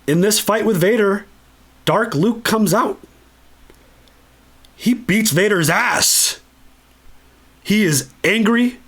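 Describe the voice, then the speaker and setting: A man's voice: high voice, slow pace, pauses often, a bit bright, husky. A man hosting a casual movie commentary, enthusiastic and freely swearing. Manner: enthusiastic and profane. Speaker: channel host.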